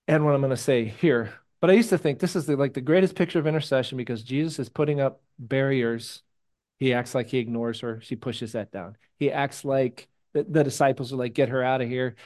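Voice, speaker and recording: A pastor delivers a sermon conversationally and with animation, mixing jokey personal stories with hushed asides and sudden loud bursts. His voice is medium-pitched.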